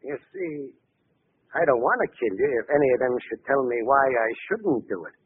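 Carnation Charlie, a vengeful gangster back from death. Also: male voice, medium pitch, expressive, slightly rough. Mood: taunting. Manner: slow, taunting, cold. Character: vengeful male gangster back from the electric chair. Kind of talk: 1940s radio acting. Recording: tinny old radio broadcast.

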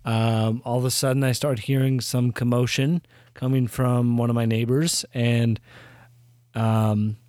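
A young man hosts his own podcast and tells a long story in a loose, rambling way. He trips over his words and restarts sentences, and his humor is dry and sarcastic. His voice sits at an ordinary middle pitch, recorded close and dry with no room sound. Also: little pitch movement, measured pace, darkish tone, no echo. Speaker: podcast host. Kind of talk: casual storytelling monologue.

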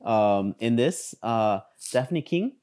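A man co-hosting a podcast in casual chat, talking in a halting way with restarts and fillers and letting his sentences trail off quietly. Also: medium pitch, animated. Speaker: podcast co-host.

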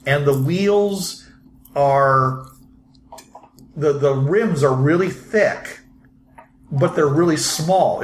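A man narrating as game master, quick and loose, thinking aloud with fillers. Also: medium pitch, echoey room, slight background noise.

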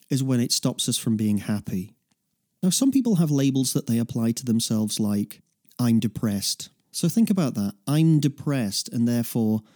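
A man's voice: mid-range voice, dark tone. A man giving a reflective self-help talk in a conversational way, dotted with "you know" and uneven pacing.

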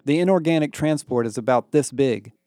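A man voicing a calm, matter-of-fact male alien guide who explains things plainly. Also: medium pitch, a little fast, no echo, clean studio sound, voice pushed up, close to an everyday voice.

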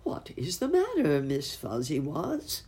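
A woman voicing a kindly, cheerful old rabbit gentleman in a storybook reading. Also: low voice, huge pitch swings, unhurried, husky, exaggerated voice.

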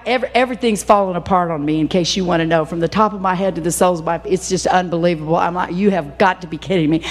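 A woman's voice: medium pitch, big-room sound. An older woman preaching an emotional sermon in a church, breaking into sudden whoops.

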